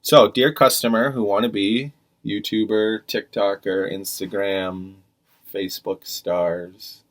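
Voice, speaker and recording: A man's voice: lowish voice, fairly even intonation, slow pace. A middle-aged man casually telling a retail work story on a podcast, profane and exasperated, acting out quotes.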